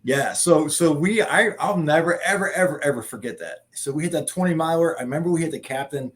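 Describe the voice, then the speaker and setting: A man's voice: a little high, brisk. A middle-aged man, a guest, telling stories in a rambling, profane casual chat.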